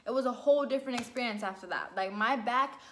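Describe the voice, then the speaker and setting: Woman vlogger, casual story to camera, lively and chatty, higher-pitched voice, jumps way up when quoting herself. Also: fast, slight background noise. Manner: lively, chatty, full of "like" and "you know"; acts out her own past lines with big jumps in pitch.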